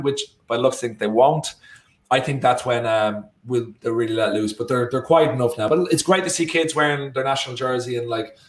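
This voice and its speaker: An Irish man co-hosting a live football watchalong. He rambles with animated energy and often stops mid-phrase to correct himself. His voice sits at a middling pitch and carries a roomy echo. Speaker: co-host. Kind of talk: casual football watchalong chat.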